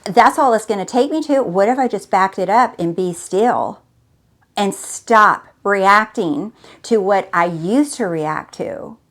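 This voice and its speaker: A woman's voice: medium pitch, a little slow, fairly bright tone. A woman hosting a spiritual motivational talk, speaking emphatically and repeating herself as she coaxes the listener directly. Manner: emphatic, repetitive and coaxing, addressing the listener directly. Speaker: host.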